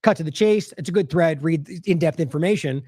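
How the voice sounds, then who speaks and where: Male news-commentary host, fairly high and animated voice, sarcastic, close dry mic. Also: a little fast, no room sound. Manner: exasperated, sarcastic, scoffing laughs. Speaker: independent news show host. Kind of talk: casual commentary on played clips.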